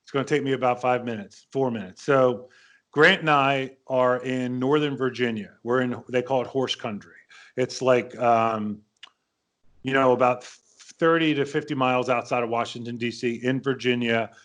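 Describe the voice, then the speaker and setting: A middle-pitched man in his fifties tells a story as a podcast host, loose and conversational. He circles back, restarts his sentences and voices the other people in the story as he goes. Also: steady tone, normal speed, a bit bright. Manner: rambling anecdotes with quoted dialogue, frequent restarts. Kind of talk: casual storytelling.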